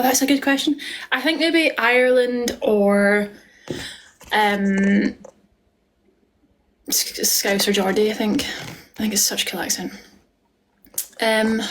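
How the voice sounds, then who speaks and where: A woman's voice: a little high, slight background noise. A woman with a Scottish accent, hosting a casual live stream and chatting affectionately with viewers as she answers their questions. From Scotland. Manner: chatty and affectionate, calls viewers darling and lovely. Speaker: live-stream host and musical theatre performer.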